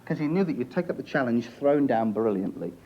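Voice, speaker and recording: A man's voice: mid-range voice, a little fast. A man hosting a TV game show in a studio with an audience, teasing the contestants and cracking jokes. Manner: teasing, jokey, animated. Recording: lo-fi early 90s TV broadcast, audience noise.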